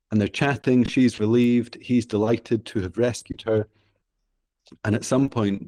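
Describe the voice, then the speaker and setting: A man's voice: fairly low pitch, mellow. A man from Scotland with a Scottish accent, telling a traditional tale in an interview, vivid and rhythmic, repeating phrases for effect. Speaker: storyteller guest. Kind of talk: oral storytelling in an interview.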